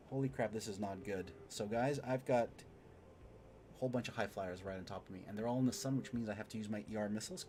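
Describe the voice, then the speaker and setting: A man in the middle of a live flight-sim battle talks in an average-pitched voice, switching between patient explanation and excited outbursts. He mutters to himself as threats appear. Faint hiss sits under his mic. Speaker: streamer teaching flight sim combat. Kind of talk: live gameplay commentary and tutorial.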